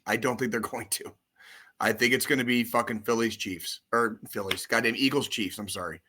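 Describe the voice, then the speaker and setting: A man co-hosting a casual podcast, ranting about football in a profane, excitable, rambling way. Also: mid-range voice, brisk, slight background noise. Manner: profane, excitable, rambling sports-fan rant. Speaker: podcast co-host. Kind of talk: casual chat.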